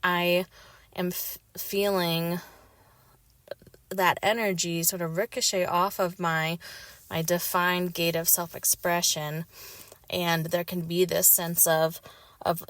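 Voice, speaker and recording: A woman's voice: on the low side, flat delivery, slow, long pauses, a bit bright, dry recording. A woman hosting a solo podcast, talking reflectively in a rambling way with many fillers. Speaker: podcast host.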